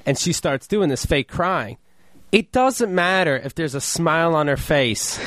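A man's voice: fairly high pitch, animated, measured pace, a bit bright, dry recording. A man co-hosting a casual podcast, chiming in with wry, sarcastic asides. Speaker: co-host.

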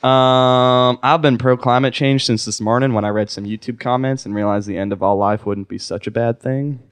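Deadpan joking podcast host. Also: male voice, medium pitch, normal speed, clean tone. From Oklahoma, USA. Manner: deadpan joking, laughs at own jokes. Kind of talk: casual comedic podcast chat.

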